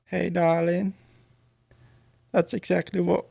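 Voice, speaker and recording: A man's voice: sits high, little pitch movement, slow, creaky, dark tone, breathy edge, dry recording, pitched above the performer's own voice, heavily acted. A man voicing a young woman in a shaky, half-English, half-Southern drawl. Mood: mock-sweet. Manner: sweet-talking, half-English half-Southern accent.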